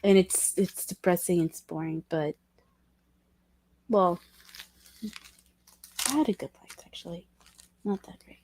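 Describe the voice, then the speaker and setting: A woman hosting a casual livestream chat with viewers, talking in a halting way with many restarts and self-corrections, candid and self-deprecating. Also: on the low side, darkish tone, slight background noise. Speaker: livestream host chatting with viewers.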